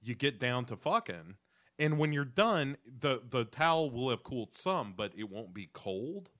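A man with a bright, ringing voice trades crude jokes on a podcast. He talks casually, dropping film quotes into his banter. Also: medium pitch, very animated, measured pace. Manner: joking, quoting films. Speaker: podcast co-host.

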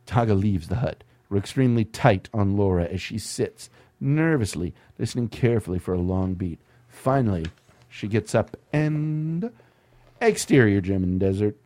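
Man, comedic script read-through, wry, lively animated pitch, dry close sound, podcast host. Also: moderate pace, no echo. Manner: wry, laughs at the material, sarcastic asides. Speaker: podcast host reading a screenplay aloud.

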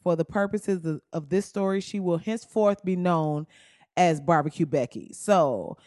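A man hosting a casual comedic talk show, profane and animated, often slipping into quoted voices. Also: on the high side, normal speed, dry recording, studio quality.

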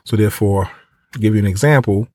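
A man's voice: lowish voice, fast, darkish tone, dry recording, clean studio sound. Chatty man rambling through travel tips. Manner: chatty, rambling, many fillers and acted-out quotes. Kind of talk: casual monologue giving advice.

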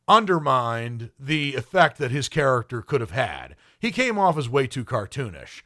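A man's voice: a little high, fairly bright tone. A man giving an opinionated spoken film review as a critic, with frequent ums and restarts.

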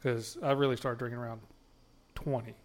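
A man's voice: medium pitch, steady tone, a little fast. A man co-hosting a podcast, telling stories in a casual, profane, laid-back way and laughing often. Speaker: podcast co-host. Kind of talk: casual chat.

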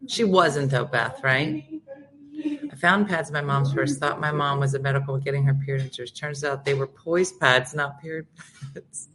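Woman, middle-aged, morning show host, low voice, chatty, joking asides, casual. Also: moderate pace, a bit bright. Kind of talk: casual chat.

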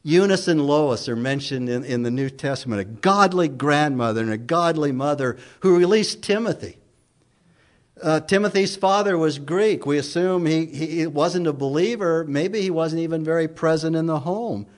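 A man's voice: a little high, moderate pace. A man preaching a sermon as pastor, reading scripture aloud with emphatic, questioning delivery. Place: church sanctuary.

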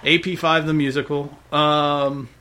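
A man hosts a relaxed chat about a cartoon episode, and his voice sits a little above the usual male range. He laughs often, acts out the characters, and keeps the talk lively. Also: a little high, unhurried. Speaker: podcast host.

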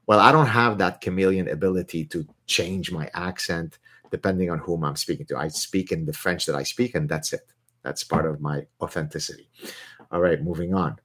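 A middle-aged man hosting a live question session, talking in an animated, digressive way with frequent restarts. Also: low-pitched, normal speed, husky. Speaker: host answering viewer questions. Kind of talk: live question-and-answer stream.

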